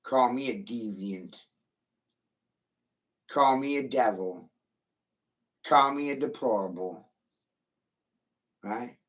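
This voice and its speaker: A man's voice: medium pitch, takes it slowly, long pauses, fairly bright tone, highs cut off. A middle-aged man in a profane, taunting rant, swearing aggressively at his critics.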